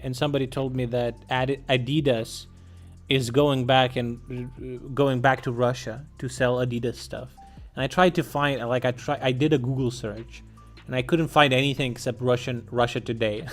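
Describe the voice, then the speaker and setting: A young man ranting sarcastically and with lots of swearing while commenting on a live stream. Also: medium pitch.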